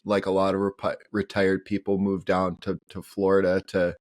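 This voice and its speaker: A man's voice: deep voice, monotone, moderate pace, darkish tone, dry recording, studio quality. A man with a Minnesota accent, a veteran guest on a podcast, chatting casually and laughing often between rambling restarts. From upper Midwest of the United States. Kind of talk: casual conversation.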